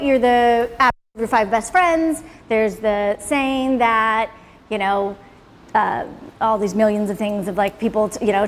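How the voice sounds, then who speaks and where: A woman's voice: fairly high pitch, in a large hall, a little hiss or hum. A woman leading a live motivational class, blunt and profane, checking in with "right?" constantly. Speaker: class leader. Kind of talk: casual motivational talk to a class. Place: salon room with live audience.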